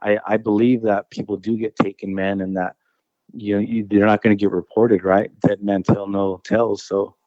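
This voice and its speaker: Low-voiced man telling a rambling story. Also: little pitch movement, normal speed, darkish tone, dry recording, highs cut off. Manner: rambling, restarts phrases, says dude and bro. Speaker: guest telling an encounter story. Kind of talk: casual storytelling.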